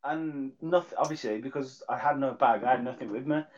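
A man's voice: mid-range voice, fairly quick, a little hiss or hum. A young man telling school stories in casual chat, acting out the voices he quotes and swearing freely. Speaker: guest, childhood friend. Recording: dull lo-fi sound.

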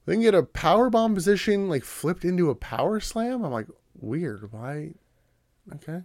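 Here the same kind of podcast co-host speaks high and fairly fast, his pitch swinging widely over a slightly mellow tone. The studio-quality audio has no echo. Recapping wrestling, he rambles casually, does little voices, and fills his talk with "like."

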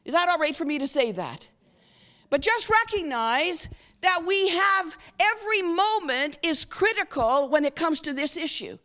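A woman giving a sermon in a high voice that rises and falls with a lot of life. She keeps checking in with her listeners, asking them to answer her, then slows into a soft guided reflection. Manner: interactive, asks the audience frequent questions; leads a guided reflection, slow and soft at times. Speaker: guest speaker.

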